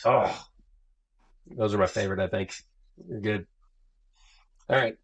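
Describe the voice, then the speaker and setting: Rambling, animated podcast dad. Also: male voice, lowish voice, measured pace, breathy edge, highs cut off. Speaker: podcast co-host. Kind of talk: casual chat.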